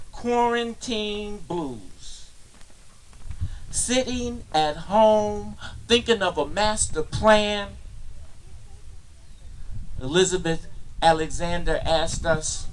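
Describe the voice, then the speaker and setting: A man performing a spoken word poem at an outdoor park gathering, rhythmic and impassioned, rising at times to shouts. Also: high voice, low-quality recording.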